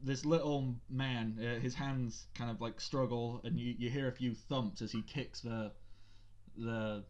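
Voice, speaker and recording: A man running a tabletop game as game master, narrating in a relaxed way with many uhs and ums. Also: medium pitch, measured pace.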